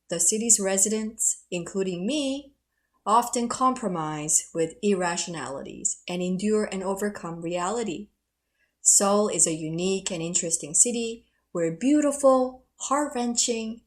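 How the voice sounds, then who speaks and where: A middle-aged woman giving a history lecture and telling personal stories, laughing at herself now and then. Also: medium pitch. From South Korea. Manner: warm, storytelling, laughs at herself.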